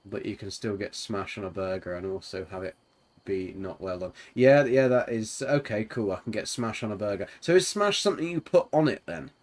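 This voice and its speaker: Speaking a little fast in a lowish voice with lively intonation, a man chats casually with a teammate while streaming a game. His talk is rambling, full of fillers and giggles.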